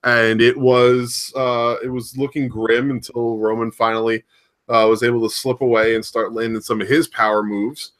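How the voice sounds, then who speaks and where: A man's voice: medium pitch, flat delivery, moderate pace. A man co-hosting a casual wrestling podcast, recapping a match in a rambling way with lots of fillers and restarts, laughing now and then. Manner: laughs often, acts out quoted shouts. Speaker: podcast co-host.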